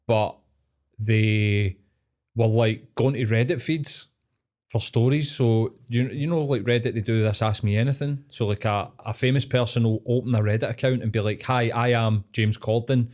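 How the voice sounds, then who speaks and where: A man's voice: on the low side, normal speed, a little mellow. Rambling Scottish man telling a story. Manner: swears freely, rambling storytelling with many fillers. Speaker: podcast host. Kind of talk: casual chat.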